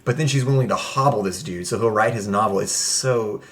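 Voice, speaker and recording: A young man co-hosting a podcast in casual chat, excitable, swearing often and restarting his sentences. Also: fairly low pitch, brisk. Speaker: podcast co-host.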